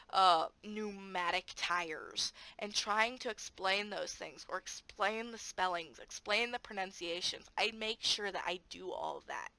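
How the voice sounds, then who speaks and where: A woman's voice: mid-range voice, vocal fry, no room sound, poor audio. A woman who teaches English online, chatting casually about her classes with lots of fillers and playful sound effects. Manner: animated, acts out classroom moments with sound effects; frequent fillers, friendly and chatty. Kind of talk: casual advice vlog.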